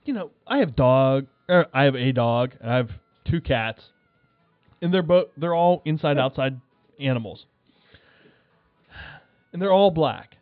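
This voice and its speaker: A man's voice: mid-range voice, measured pace, long pauses, no echo. Chatty man telling a story over a tinny phone line. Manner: rambling, animated, acts out his own shouts while telling a story. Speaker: podcast guest. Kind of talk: casual storytelling chat.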